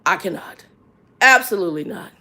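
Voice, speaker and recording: A woman's voice: fairly low pitch, moderate pace. Frank, slangy middle-aged woman on a livestream. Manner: animated storytelling, voice jumps up when riled; slangy, frank, repeats words. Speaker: livestream host. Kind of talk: casual livestream chat.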